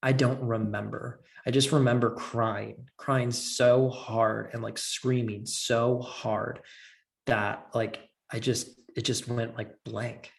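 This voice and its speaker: Man, gravelly voice, earnest, personal story, podcast guest, mid pitch. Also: level tone, slow pace. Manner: earnest, heavy use of "like".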